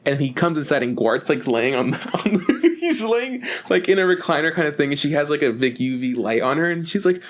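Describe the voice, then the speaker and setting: A young man co-hosting a podcast in casual chat, rambling and swearing as he acts out scenes in quick put-on voices. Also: a little high, lively intonation. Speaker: podcast co-host.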